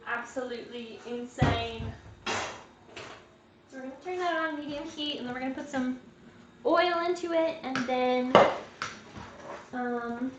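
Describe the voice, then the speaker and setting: A woman's voice: high voice, normal speed, pauses often, lo-fi sound. A young woman hosting a live cooking demonstration, chatting and joking to herself as she works in a kitchen. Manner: chatty, jokey, talks to herself while cooking. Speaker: cooking show host. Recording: echoey kitchen with background noise.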